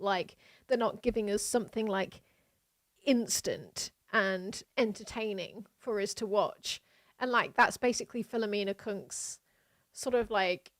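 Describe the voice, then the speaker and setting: A young British woman streaming and chatting casually, rambling with many fillers and frequent laughs. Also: mid-range voice. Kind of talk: casual reaction-stream chat.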